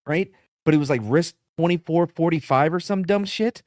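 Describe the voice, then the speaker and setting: A man's voice: on the high side, moderate pace, a little mellow, no room sound. Profane storytelling man, dry close sound. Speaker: podcast host. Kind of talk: casual storytelling chat.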